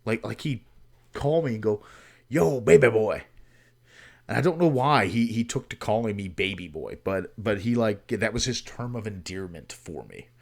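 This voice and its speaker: A man's voice: fairly low pitch, lively intonation, moderate pace. Rambling, profane male streamer. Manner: rambling, profane, with many fillers. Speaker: livestream host. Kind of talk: casual storytelling on a livestream.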